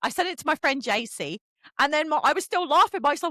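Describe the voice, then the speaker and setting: Lively English woman, swearing and laughing. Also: sits high, quick pace, dry recording. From England. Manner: animated, swears freely, laughs often. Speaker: podcast host and book influencer. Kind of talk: casual chat.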